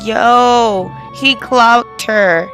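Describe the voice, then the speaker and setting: A woman's voice: a little high, drawn-out words, fairly bright tone. Woman streamer reacting to a game. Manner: reactive, keeping her voice down late at night. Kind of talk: game playthrough commentary. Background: faint game music.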